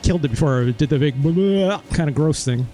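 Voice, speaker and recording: A man's voice: fairly high pitch, lively intonation, fast, dark tone, soft background music. A male streamer in casual gameplay commentary. He chats while he plays and mutters mild curses when things go wrong.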